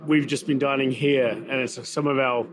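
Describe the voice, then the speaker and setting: A man's voice: medium pitch, steady tone, moderate pace, crowd noise. A man with a New Zealand accent, a chef talking in a casual interview, chatty and full of fillers and repeated words. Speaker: chef and restaurant owner. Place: busy event venue.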